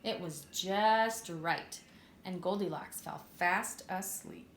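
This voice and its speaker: A preschool teacher, a woman, reading a story aloud and asking the children questions in a clear, expressive way. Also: lowish voice, takes it slowly, a little hiss or hum. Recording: echoey room.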